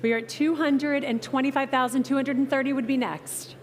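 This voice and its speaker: A woman auctioneer with a high, bright voice, calling bids in quick rhythmic patter. She jokes and teases the room between numbers. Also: fairly even intonation. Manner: brisk, playful patter with the bidders. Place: auction tent at an outdoor car show.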